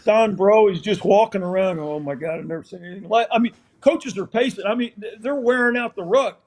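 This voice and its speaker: A man's voice: sits high, a little fast. An older man, a former football coach and guest on the show, telling stories casually and acting out the scenes. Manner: animated storyteller, acts out scenes. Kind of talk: casual anecdotal storytelling.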